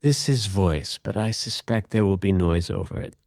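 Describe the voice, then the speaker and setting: A man calmly and methodically walking through an audio repair tutorial in voice-over. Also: sits low, normal speed, gravelly, no echo, clean studio sound. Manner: calm, methodical explaining. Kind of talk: screen-recorded software tutorial.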